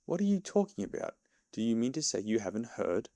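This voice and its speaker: A man's voice: on the low side, moderate pace, creaky, a little mellow, dry recording. Sensible storybook rat, stern and reproachful, as a man with a dry, close voice puts him on. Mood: excited. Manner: lecturing, serious and reproachful. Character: sensible stern male water rat friend.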